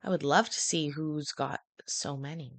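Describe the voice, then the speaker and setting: A woman's voice: deep voice, normal speed, gravelly, no echo. Swearing woman streamer telling a story. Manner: profane, rambling, laughing. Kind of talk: casual storytelling to a live stream.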